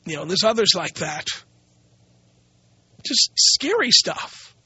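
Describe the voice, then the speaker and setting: A man's voice: high voice, sing-song, slow pace, sharp tone, husky, no echo, highs cut off. A man hosting a radio talk show, delivering a blunt, sarcastic, opinionated monologue.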